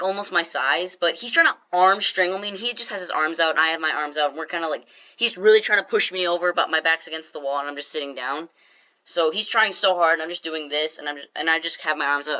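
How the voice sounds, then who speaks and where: A YouTuber telling a casual story over gameplay, animated and jokey, with quick asides to the viewers. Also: mid-range voice, highs cut off.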